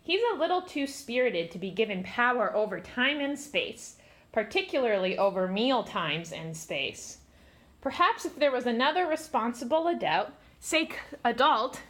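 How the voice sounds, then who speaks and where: A woman's voice: on the high side, sing-song, normal speed, a bit bright. A woman playing a wry gray-haired time-traveller. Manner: wry, playful asides.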